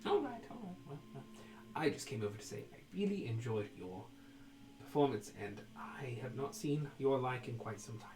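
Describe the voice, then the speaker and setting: A cheerful, nosy old gnome played by a man in a tabletop game, his voice leaping all over the scale and dropping to breathy whispers. The voice is heard in an echoey room. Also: medium pitch, big pitch swings, normal speed, a little mellow, a little hiss or hum, natural voice. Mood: chummy.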